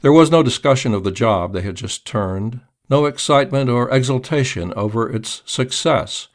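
A man reading a crime story aloud in a measured storytelling manner. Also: mid-range voice. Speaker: narrator. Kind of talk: audiobook narration.

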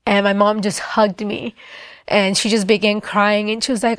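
A young adult woman gives a personal faith testimony in an earnest, halting way, with frequent fillers and restarts. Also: medium pitch, flat delivery, no echo, studio quality.

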